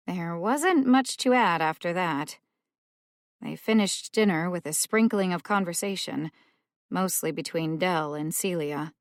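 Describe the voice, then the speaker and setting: A woman reading a mystery audiobook as narrator, in a slow, even manner. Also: on the low side, no echo, studio quality. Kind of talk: scripted narration.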